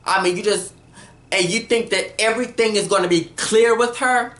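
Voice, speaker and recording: A woman giving an animated, talkative episode recap and acting out the scenes. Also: medium pitch, moderate pace, echoey room. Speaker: TV recap vlogger.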